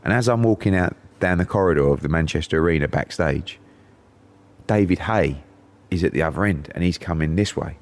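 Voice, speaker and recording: A middle-aged man with a low, deep voice spins a long anecdote as a podcast guest. He talks casually and acts out the lines of the people in his story, now and then jumping up into a shouted high voice for the crowd. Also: brisk. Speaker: podcast guest, boxing promoter.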